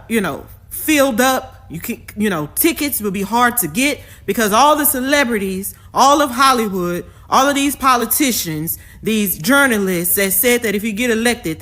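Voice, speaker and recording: A woman venting in a casual, exasperated and sarcastic way, with relaxed dialect. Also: on the high side. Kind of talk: casual vlog rant.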